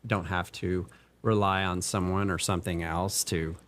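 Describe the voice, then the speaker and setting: A man's voice: deep voice, fairly even intonation, moderate pace, fairly bright tone. A man co-hosting a podcast, talking earnestly in casual chat and often checking in with "right?". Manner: earnest, explains with repeated "right?". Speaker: podcast co-host.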